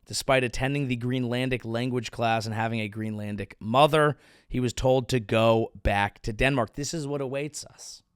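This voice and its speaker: A man's voice: medium pitch, fairly even intonation, normal speed, clear, resonant tone, no room sound, studio quality. A man in his thirties, a comedian hosting his show, rambling through a profane, self-deprecating monologue. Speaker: comedian host.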